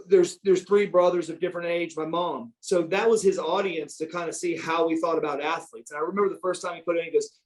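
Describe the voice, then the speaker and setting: A middle-aged man, an interview guest, telling stories in a casual, animated way, repeating words and acting out quotes. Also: high-pitched. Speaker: interview guest, former pro wrestler. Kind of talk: casual storytelling.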